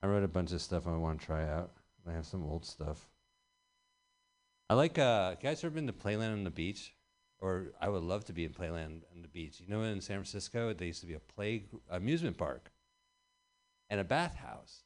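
Low-voiced male comic, thirties, rambling and deadpan with sudden loud punches, small-room open mic. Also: moderate pace. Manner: rambling deadpan delivery with bursts of loud emphasis. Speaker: stand-up comedian. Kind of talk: stand-up set at an open mic. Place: small comedy venue.

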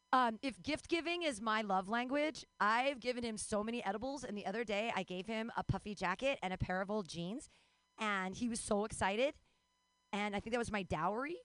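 A woman in her forties doing a rambling, self-deprecating stand-up comedy set, breaking into sudden high yelps and laughter. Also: clear, resonant tone, no echo. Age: 40s.

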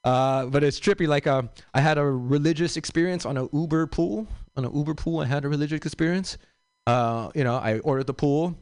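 Young LA comic, loose and rambling stand-up, smooth voice a touch high, dry close sound. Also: male voice, brisk, darkish tone, no room sound. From South Central Los Angeles. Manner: loose, rambling delivery with many fillers and asides. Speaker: stand-up comedian. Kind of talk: stand-up comedy set.

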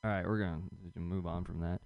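A man's voice: sits low, steady tone, fairly quick, creaky, clear, resonant tone, no echo, dull audio. A young man doing a stand-up comedy set, rambling and self-deprecating, stumbling over his words.

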